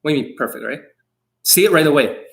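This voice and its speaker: Male dating coach on a live stream, blunt and foul-mouthed, voice sits a bit high. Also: lively intonation, fast talker, creaky. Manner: blunt, profane and brash; answers viewers' questions.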